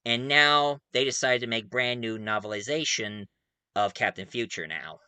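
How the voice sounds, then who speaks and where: A man's voice: mid-range voice, moderate pace, pushed and bright, clear, resonant tone, dry recording. A man casually talking about his audio drama project, rambling enthusiastically and often correcting himself. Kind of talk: casual video monologue.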